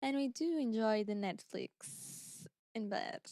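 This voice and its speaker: Chatty young female co-host with a higher voice, close dry recording. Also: warm tone, no room sound. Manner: chatty, laughing, quick back-and-forth. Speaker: podcast co-host. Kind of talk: casual chat.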